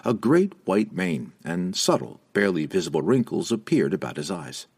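Deep-voiced, dramatic male narrator. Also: normal speed, creaky, breathy edge. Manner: dramatic, expressive reading. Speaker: audiobook narrator. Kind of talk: scripted fantasy audiobook narration.

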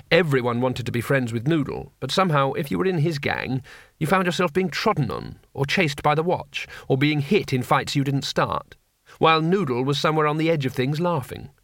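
Man, audiobook narration, wry, animated delivery, slightly high voice. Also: no room sound, studio quality. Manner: wry and expressive. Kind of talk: scripted narration.

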